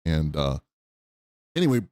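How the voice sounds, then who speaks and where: A man's voice: very deep voice, sing-song, unhurried, a little mellow, no room sound. A man in his fifties hosting a podcast, chatting casually and enthusiastically, rambling a little with restarts as he comments on clips. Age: 50s. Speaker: podcast host.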